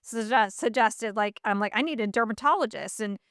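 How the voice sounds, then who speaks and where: A middle-aged woman hosts a podcast in a fairly high voice, telling her story in a lively, chatty way full of fillers and little acted-out quotes. The sound is dry and close, with no room around her. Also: brisk, no room sound. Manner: animated, acts out quoted voices, many fillers. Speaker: podcast host. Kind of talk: casual storytelling in an interview.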